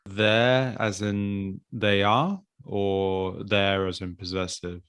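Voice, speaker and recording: A man hosting a podcast, patiently explaining grammar in a relaxed conversational way, often thinking aloud. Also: on the low side, takes it slowly, clean tone. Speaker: English teacher and podcast host.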